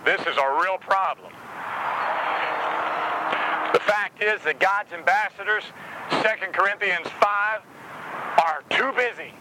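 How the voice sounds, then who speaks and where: A man with a high voice delivers a sermon in a wry, sarcastic tone, peppering it with rhetorical questions. His delivery swings between low, dry asides and raised, emphatic lines. Steady outdoor traffic noise runs under the recording. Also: a little slow, long pauses. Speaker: pastor.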